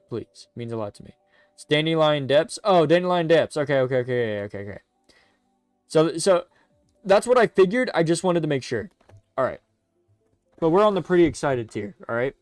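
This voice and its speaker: A man whose voice sits on the high side rambles through casual stream commentary, stuttering and correcting himself as he goes. Excitable and chatty, he's captured in a dry recording.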